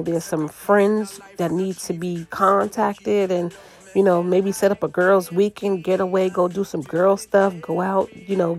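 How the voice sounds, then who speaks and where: Woman, card reader, chatty podcast talk, animated, soft music underneath. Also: medium pitch. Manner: animated, conversational, frequent "you know" and "right?". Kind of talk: casual podcast reading.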